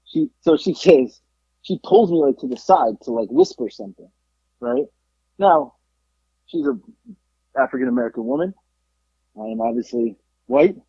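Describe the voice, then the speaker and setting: Gravelly, animated man telling a story. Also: on the high side, normal speed, long pauses, no room sound, highs cut off. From South Florida. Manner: animated storyteller, acts out quotes, swears freely. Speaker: podcast co-host. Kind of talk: casual storytelling chat.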